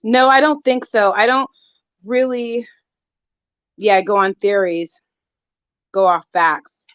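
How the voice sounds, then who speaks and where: A woman's voice: medium pitch, slow, clear, resonant tone, no echo. A woman vlogger chatting casually on a live stream, greeting viewers and giving gossipy commentary on online drama, a bit winded. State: winded, out of breath. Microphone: phone. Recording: dull lo-fi, dry sound.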